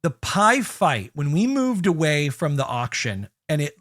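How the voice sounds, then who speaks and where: Chatty podcast man, slightly high voice. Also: sing-song, a bit bright, no echo, clean studio sound. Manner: chatty, breaks into quick goofy impressions. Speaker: podcast co-host. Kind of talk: casual movie-review chat.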